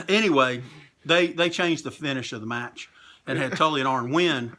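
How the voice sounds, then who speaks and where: A middle-aged man, a comic book store owner, telling stories in a casual interview, animated and swearing freely. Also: medium pitch, normal speed.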